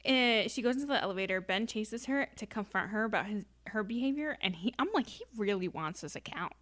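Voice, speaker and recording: A woman's voice: medium pitch, expressive, fairly quick, a bit bright. A woman chatting casually about a movie, laughing often and jumping in with quoted lines. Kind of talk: casual movie recap chat.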